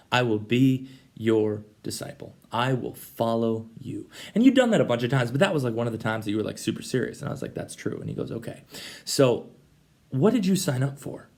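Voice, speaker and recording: Animated young man in a casual faith vlog. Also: medium pitch. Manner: animated, acts out dialogue with voices. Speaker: vlogger.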